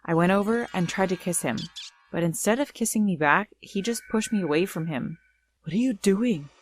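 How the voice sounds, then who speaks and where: A woman narrates a first-person storytime tale with a plain, earnest delivery. Her voice sits slightly low for a woman, even and unhurried. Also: faint music behind.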